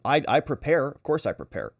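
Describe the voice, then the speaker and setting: A man's voice: mid-range voice, big pitch swings, brisk, creaky, no room sound, clean studio sound. A man quoting an older female witness in a plain, defiant manner.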